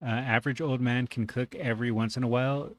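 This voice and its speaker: A man with a mid-range voice reacts to a clip, musing aloud in a relaxed, easygoing way and laughing often. The recording is close and dry, with no room sound. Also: mid-range voice, quick pace, dry recording. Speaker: reaction video host. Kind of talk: casual reaction commentary.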